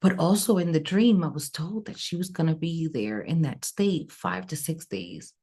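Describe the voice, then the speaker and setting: A woman psychic medium telling a personal story in an interview, animated and acting out the dialogue. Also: low-pitched, normal speed, slightly rough. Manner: animated, acts out quoted dialogue. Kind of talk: emotional storytelling.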